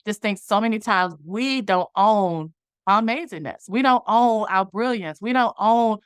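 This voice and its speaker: A woman's voice: mid-range voice, unhurried, clear, resonant tone, no room sound, clean studio sound. A woman interview guest telling a personal story, animatedly acting out the dialogue from it. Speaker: guest, movement founder.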